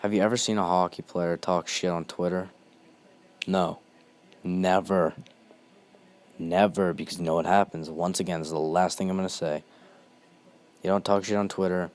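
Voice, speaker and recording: A man's voice: deep voice, fairly even intonation, moderate pace, long pauses, a little mellow. A young man hosting a ranting monologue, heated and blunt, swearing constantly.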